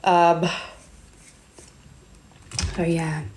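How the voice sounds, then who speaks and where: A woman's voice: lowish voice, level tone, extremely slow, a little mellow, slight background noise. Chatty English woman on a live stream. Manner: chatty, reads viewer comments aloud, calls people darling. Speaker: livestreamer. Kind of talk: casual live-stream chat.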